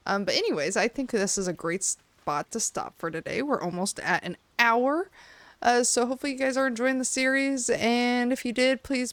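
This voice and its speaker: Woman let's-play host, chatty and self-deprecating, lowish voice, dry close sound. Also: no echo. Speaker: gaming channel host.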